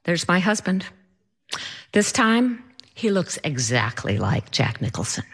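A woman telling a personal story with animated, comic timing. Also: lowish voice, a little slow, slightly rough.

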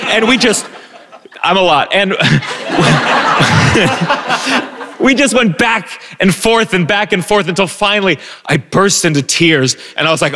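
A man telling a self-deprecating personal story on a live stage, animated, with stumbling restarts. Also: high voice, a little slow, long pauses, in a large hall. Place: live stage before an audience.

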